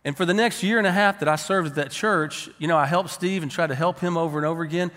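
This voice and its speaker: Pastor preaching in a reverberant hall. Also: male voice, fairly high pitch, quick pace, a bit bright. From Texas. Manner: storytelling, acting out quoted people. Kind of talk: sermon. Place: church sanctuary.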